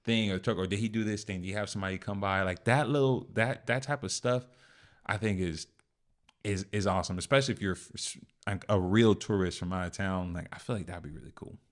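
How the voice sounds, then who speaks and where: Brief: male podcast host, very low voice, loose easygoing delivery, filler words. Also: fairly quick. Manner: relaxed, rambling, frequent fillers. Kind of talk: casual podcast chat.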